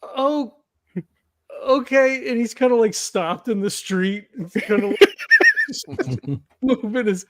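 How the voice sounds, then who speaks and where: A man's voice: high-pitched, wildly swooping pitch, slow pace, a bit bright, no room sound, clean studio sound. A man playing a tabletop game, playful and often jumping into character voices. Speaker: player.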